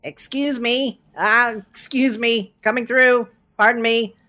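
A small male gnome pipes up in a high, stammering voice, put on by a game master. He sounds fussy and nervous and keeps apologizing. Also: steady tone, takes it slowly, pushed and bright, heavily acted. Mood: flustered.

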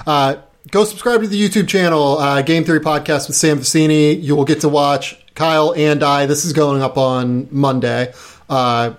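A man's voice: fairly high pitch, steady tone. Chatty man hosting a podcast. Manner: chatty, self-deprecating, quick asides. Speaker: podcast host. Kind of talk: casual podcast chat.

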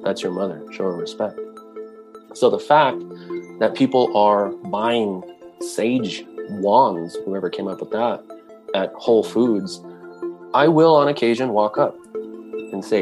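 A man's voice: lowish voice, takes it slowly, long pauses, over music. A man speaking earnestly in a conversational way about culture, with frequent restarts. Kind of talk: casual talk.

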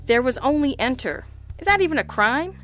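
A woman's voice: sits high, expressive, moderate pace, a bit bright, soft background music, pitched above the performer's own voice. A woman voicing a wisecracking, easygoing male private detective who delivers dry, flippant quips in an audiobook. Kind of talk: audiobook character voice.

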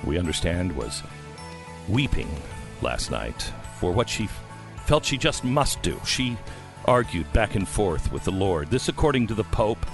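A man's voice: low-pitched, very animated, a little slow, over music. A man hosting a talk show, speaking with sarcastic, mock-solemn exaggeration. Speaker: radio talk show host. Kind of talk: comedic talk show banter.

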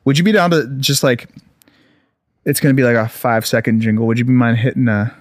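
A man's voice: medium pitch, fast talker, no room sound, studio quality. A man hosting a podcast in a casual chat, with loose, profane banter. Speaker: podcast host.

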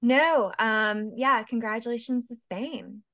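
A woman co-hosts a casual podcast, thinking out loud in a thoughtful, hesitant way. Her voice sits a little high. She fills her pauses with small hedging words as she works out her thoughts. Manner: thoughtful, hesitant, laughs often. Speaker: podcast co-host.

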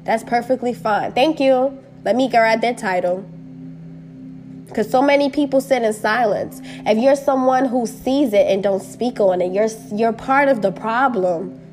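A woman's voice: mid-range voice, darkish tone. A woman on a personal video, angrily and bluntly speaking her mind, swearing often and repeating short phrases, upset and hurt. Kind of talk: impassioned personal rant to camera.

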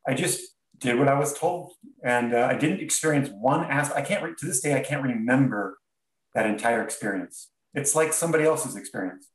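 Man telling his story, echoey and distant. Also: mid-range voice. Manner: earnest, halting, with frequent restarts. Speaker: podcast guest. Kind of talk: reflective storytelling.

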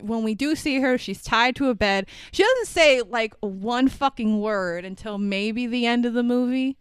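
A woman co-hosting a casual podcast, talking in an animated way, swearing freely and laughing often. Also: fairly high pitch, a little slow, smooth, dry recording. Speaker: podcast co-host. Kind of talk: casual chat about movies.

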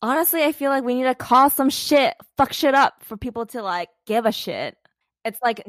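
A woman's voice: a little high, animated, normal speed, a bit bright, no room sound, studio quality. A young American woman co-hosting a podcast, talking bluntly and swearing often with frequent laughs. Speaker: podcast co-host. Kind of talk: casual chat.

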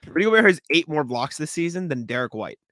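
A man co-hosting a sports podcast, talking fast in casual chat, often repeating words and clearing his throat. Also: a little high, big pitch swings, sharp tone, no room sound, studio quality.

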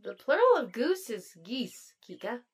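An actress voicing a gentle, lightly teasing female robot. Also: on the high side, very animated, a little slow.

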